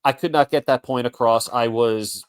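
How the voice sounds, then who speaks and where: A man's voice: mid-range voice, normal speed, clean tone. Wry man in his forties. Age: 40s. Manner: blunt, wry, candid. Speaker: podcast co-host. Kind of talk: casual chat.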